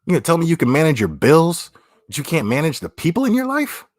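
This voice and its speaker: A man holds forth on his livestream in a blunt, profane way, repeating himself for emphasis. His voice is husky and swings up and down a lot. The sound is dry and close. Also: a little high, wildly swooping pitch, fast talker, dry recording. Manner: blunt, swearing, repeats phrases, says "man" often. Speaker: livestream host. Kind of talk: blunt opinionated livestream talk.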